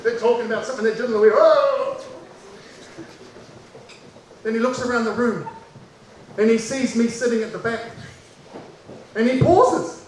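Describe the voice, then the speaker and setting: A man with a New Zealand accent doing stand-up storytelling, animated and acting out the people in his story. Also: very high voice, unhurried, pauses often. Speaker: comedian. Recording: echoey distant stage recording with faint noise.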